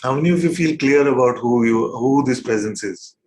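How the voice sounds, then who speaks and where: Gently probing male spiritual teacher. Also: mid-range voice, fairly quick, a little hiss or hum, low-quality recording. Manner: probing, asks repeated questions; gentle and playful, with soft laughs. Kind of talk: satsang teaching to a live group.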